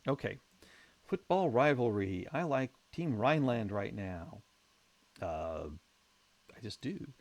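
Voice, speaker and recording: A man with an ordinary mid-range voice talks through a strategy game at an unhurried, drawn-out pace. He thinks aloud in a wry, chatty manner and pokes fun at himself. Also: medium pitch, animated, a little mellow, no room sound. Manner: self-mocking humour. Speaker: let's play host.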